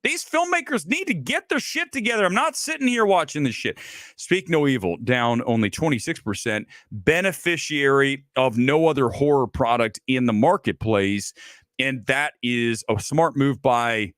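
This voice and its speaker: A man's voice: mid-range voice, lively intonation, moderate pace, a bit bright, no room sound, clean studio sound. A man hosting a casual film talk show, ranting bluntly and sarcastically, swearing freely. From Los Angeles area resident. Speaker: host.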